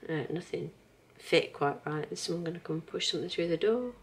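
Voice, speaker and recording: A chatty woman in her thirties talks at home in a relaxed, rambling vlog. Her voice sits a little low, and she laughs easily between thoughts. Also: brisk. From England. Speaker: vlogger.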